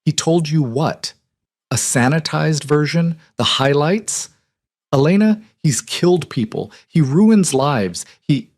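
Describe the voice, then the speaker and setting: A man's voice: medium pitch, expressive, moderate pace, darkish tone, close to an everyday voice. A man voicing an upset, protective best friend.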